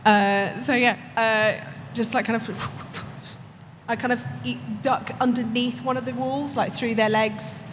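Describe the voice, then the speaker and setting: A woman's voice: a little high, steady tone, slow pace. A woman playing a tabletop game live on stage, describing her moves playfully with giggles. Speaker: player. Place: large convention hall. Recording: live hall reverb with crowd noise.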